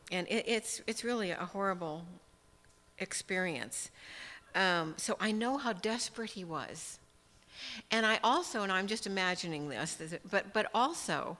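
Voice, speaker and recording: A woman telling a lively personal story in a sermon, with self-mocking humor and many small fillers. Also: mid-range voice, big-room sound. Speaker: speaker teaching from the Bible.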